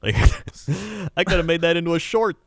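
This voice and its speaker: A man's voice: on the high side, normal speed, no room sound. Laid-back man, dry close sound. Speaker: content creator guest. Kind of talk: casual chat.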